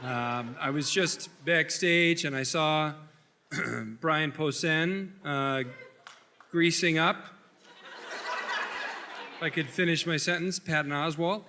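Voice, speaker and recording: Man, slow halting mock-formal speech, raised voice, live club crowd. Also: fairly high pitch, bright, forceful tone, slight background noise. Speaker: comedian introducing show rules. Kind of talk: stand-up comedy. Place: comedy club stage before a laughing crowd.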